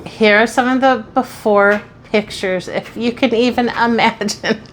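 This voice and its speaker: A woman's voice: on the high side, steady tone, measured pace, slight background noise. Chatty upbeat woman in her sixties. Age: 60s. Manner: chatty and upbeat, exclaiming as she shows things. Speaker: vlogger. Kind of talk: casual show-and-tell vlog. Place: at home, in a walk-in closet.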